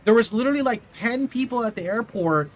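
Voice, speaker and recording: A young man streaming from his home setup, telling a rambling, animated story to his live chat and swearing casually into a studio mic. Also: very high-pitched, fast talker. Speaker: video game streamer. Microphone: condenser studio mic.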